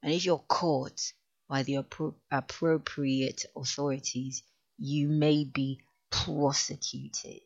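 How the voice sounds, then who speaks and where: A woman's voice: extremely low pitch, gravelly. A young woman chatting casually as a host, reading out listener messages and bursting into laughing mock outrage. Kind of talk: casual chat. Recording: dull lo-fi recording.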